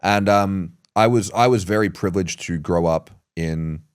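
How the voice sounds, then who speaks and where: An Australian man with an extremely low, deep voice, speaking in an earnest, reflective way and wandering through his thoughts with plenty of ums and restarts. The sound is dry and close, with no room around it. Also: normal speed, smooth, no room sound. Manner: reflective, earnest, rambling with many fillers. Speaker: podcast host. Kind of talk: casual conversation.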